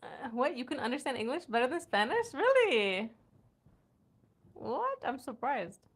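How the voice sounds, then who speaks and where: A woman's voice: high-pitched, big pitch swings, a little slow, slightly rough. An American woman hosting a casual night-time livestream from home, chatting with viewers, trying out foreign words and laughing often. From United States. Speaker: livestream host.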